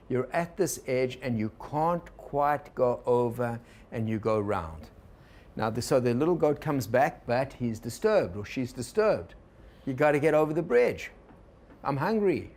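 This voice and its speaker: A man with a medium-pitched, slightly mellow voice teaches a workshop on personal change as an organizational consultant. He narrates a fable, quoting inner thoughts aloud and questioning the audience.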